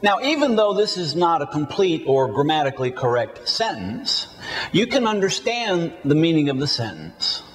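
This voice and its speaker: A man teaching an English lesson in a deliberate, carefully enunciated way, leading learners through words to repeat. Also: fairly high pitch, big pitch swings. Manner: clearly enunciated, drills words for repetition. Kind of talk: slow, deliberate lesson narration.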